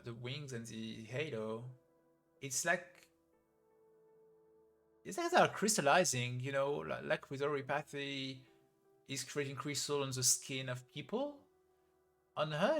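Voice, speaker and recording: A man's voice: medium pitch, fairly bright tone. A man reading a game's story aloud on a stream and stopping to muse about it. He talks hesitantly, often restarting his words, with faint music in the background.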